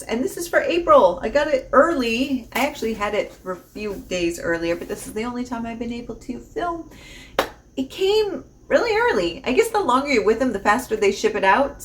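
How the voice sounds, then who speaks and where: Bubbly woman gushing over an unboxing. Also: a little high. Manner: bubbly, gushing, repeats herself, laughs often. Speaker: unboxing vlogger. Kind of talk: casual chat.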